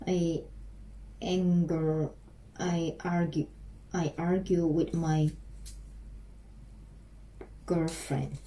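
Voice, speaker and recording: A woman with a Korean accent practicing English on her own, haltingly repeating and restarting phrases. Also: fairly low pitch, level tone, dark tone, a little hiss or hum, poor audio. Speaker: language learner practicing English. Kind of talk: self-recorded English practice.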